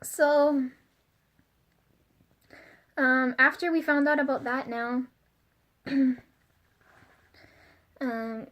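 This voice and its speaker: A young woman with a high-pitched voice chats through a casual confessional vlog. She talks in a loose, rambling way, leaning on fillers like "like" and "um". She giggles often and gets flustered and self-conscious. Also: steady tone, drawn-out words, pauses often, a bit bright. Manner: chatty, giggly, lots of fillers like "like" and "um". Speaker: vlogger.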